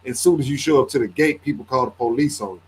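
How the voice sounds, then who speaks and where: A man's voice: mid-range voice, fast, husky. A man co-hosting a podcast who needles and argues with the others in casual chat. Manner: needling, argumentative, presses the others. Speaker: podcast co-host.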